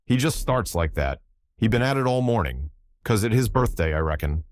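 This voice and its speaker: A man's voice: on the low side, lively intonation, normal speed, dry recording, studio quality, pitched above the performer's own voice, close to an everyday voice. A man voicing a sly teenage Southern servant boy who talks in a drawling dialect. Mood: offhand.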